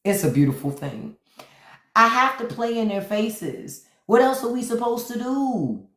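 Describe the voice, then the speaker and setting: A woman's voice: fairly high pitch, sing-song, unhurried, a bit bright. Sassy woman hosting a livestream. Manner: sassy, playful, repeats lines for effect. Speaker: livestream host. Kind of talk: casual comedic commentary. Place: indoors, phone livestream. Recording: roomy echo.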